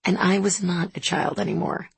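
A wry, blunt grown man voiced by a woman reader speaks in a husky, gravelly tone pitched slightly low. His manner is dry and dismissive. The delivery is close and dry, with no room sound. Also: normal speed, no echo, heavily acted. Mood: fond. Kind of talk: audiobook character voice.

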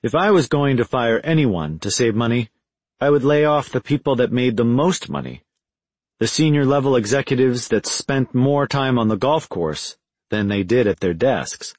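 A male audiobook narrator reads first-person prose in a measured, reflective tone. His voice sits at an average pitch. The recording is close and dry, with no room echo. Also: lively intonation.

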